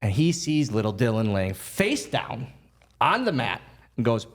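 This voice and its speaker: A man, a podcast guest, telling stories in an animated way, laughing often and acting out other people's voices. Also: medium pitch, measured pace. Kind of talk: storytelling on a podcast.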